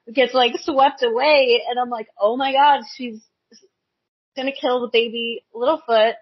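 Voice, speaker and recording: A woman co-hosting a podcast, recapping a cartoon in casual chat, animated, laughing often and saying like a lot. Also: on the high side, normal speed, slightly rough, no room sound, highs cut off. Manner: animated, laughing, many likes and ums. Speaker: podcast co-host.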